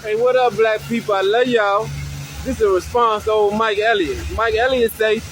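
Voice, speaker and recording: High-voiced American man preaching a response. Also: steady tone, normal speed, fairly bright tone, a little hiss or hum. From United States. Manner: slangy, fires repeated rhetorical questions. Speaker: commentator responding to another video. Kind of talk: preachy rhetorical monologue.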